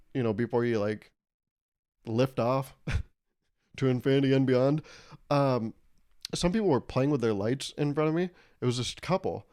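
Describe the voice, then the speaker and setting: A man's voice: medium pitch, a little mellow. Joking young man rambling on a podcast. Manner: rambling, joking, laughs often, swears. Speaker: podcast host. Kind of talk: casual solo podcast monologue.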